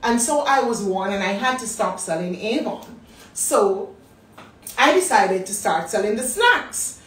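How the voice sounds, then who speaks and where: A woman in her thirties with a Jamaican accent, telling a personal story in a lively way and acting out what people said. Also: mid-range voice, measured pace. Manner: animated storyteller acting out quotes. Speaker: business talk host. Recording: roomy, distant mic.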